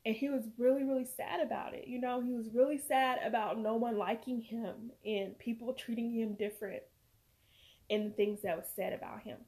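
A woman's voice: fairly high pitch, steady tone, normal speed. A woman vlogging as a mother, talking earnestly and emphatically, swearing at times and close to tears. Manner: earnest, emphatic, swings from loud to quiet. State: near tears. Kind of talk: emotional personal vlog talk.

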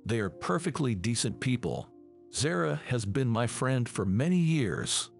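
A man narrates a dramatic story with a gravelly edge and a lively, rising and falling delivery. He keeps the same steady voice for every character. Faint music plays quietly behind him. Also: medium pitch, a little slow. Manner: reads all characters in one steady voice.

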